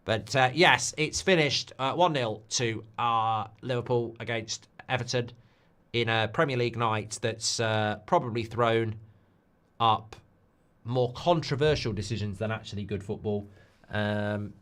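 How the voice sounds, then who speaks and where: A man's voice: mid-range voice, unhurried, a bit bright, clear, resonant tone. A man hosting a live football watchalong stream, chatting off the cuff and answering viewer requests. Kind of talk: live-stream casual chat.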